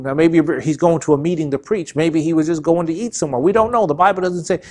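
A man preaching a sermon, impassioned and repetitive, surging and dropping in emphasis as he drives each point home. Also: a little high. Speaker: pastor.

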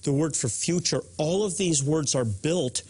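A man's voice: fairly high pitch, unhurried, a little mellow, breathy edge. A man hosting a religious talk show, speaking earnestly and pressing key points home for viewers.

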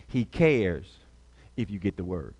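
A man's voice: sits low, big pitch swings, a little slow, darkish tone, breathy edge, big-room sound. A male pastor preaching a sermon, calling out questions to the congregation and repeating key phrases.

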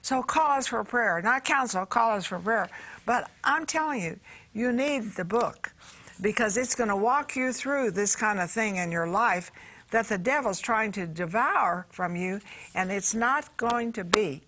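A woman hosts a faith talk show in a voice of ordinary pitch. She speaks directly to viewers with urgent appeals and joins the conversation with quick agreement. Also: expressive, a bit bright.

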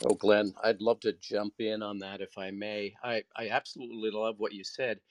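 A man joining a panel talk, telling a story in an earnest, animated way. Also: lowish voice, normal speed, background noise. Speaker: panel guest.

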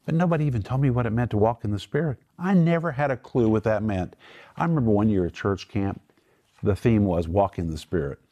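A man's voice: fairly low pitch, a little fast, dark tone, highs cut off. A middle-aged man teaching the Bible on a Christian broadcast, emphatic and lifting his voice when quoting scripture. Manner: emphatic, lifts voice for quoted words.

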